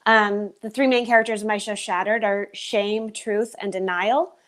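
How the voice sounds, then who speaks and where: A woman performer talking as a guest in an animated, expressive way. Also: medium pitch, normal speed. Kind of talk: casual chat.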